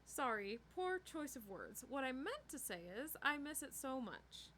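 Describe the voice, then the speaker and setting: A woman reader voicing a chirpy, prim vampire woman with a sunny, high voice. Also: sing-song, measured pace, slight background noise, full character voice. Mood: wistful. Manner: bright chirping voice that turns sharp.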